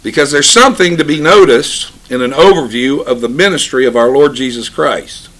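A man preaching a sermon, reading scripture slowly and solemnly, then explaining it with emphatic swells in his voice. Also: medium pitch, fairly bright tone.

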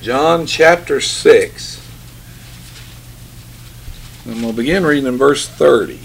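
A man preaching a sermon, reading scripture slowly and solemnly, then explaining it with emphatic swells in his voice. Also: mid-range voice, lively intonation, gravelly, a little hiss or hum.

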